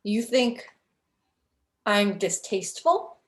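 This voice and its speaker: A woman voicing a suspicious, gruff male guide who asks probing questions and makes veiled threats. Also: fairly high pitch, big pitch swings, takes it slowly, echoey room.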